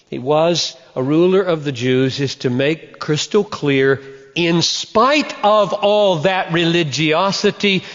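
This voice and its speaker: A man preaching a sermon, slowing down and repeating phrases for emphasis. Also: a little high. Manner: emphatic, slows down and repeats for stress. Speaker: pastor. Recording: muffled sound in a reverberant hall.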